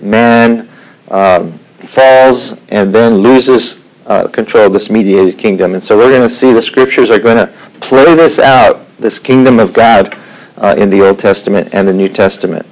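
A middle-aged man with a fairly low voice teaches a Bible lesson at an unhurried pace, often using fillers and occasionally clearing his throat. The audio quality is poor.

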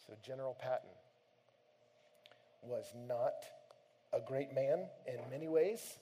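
Impassioned preacher man, mellow voice. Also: mid-range voice, slow, breathy edge. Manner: swings from hushed to shouting, emphatic. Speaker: pastor. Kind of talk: sermon.

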